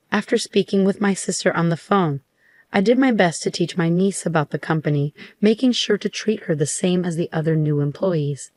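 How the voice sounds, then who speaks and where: A middle-aged woman telling a first-person story in a steady, measured way. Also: lowish voice, no room sound. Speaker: narrator.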